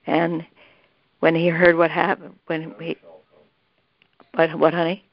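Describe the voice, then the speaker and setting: Gravelly older woman telling a family story. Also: low-pitched, completely flat delivery, slow pace. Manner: rambling, with many restarts and asides. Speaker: interviewee recalling family history. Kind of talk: casual storytelling. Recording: dull, lo-fi, dry recording.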